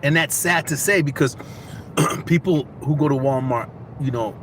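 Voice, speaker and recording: A man vlogging casually, giving motivational life advice in animated, repetitive storytelling. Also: medium pitch, moderate pace, slight background noise.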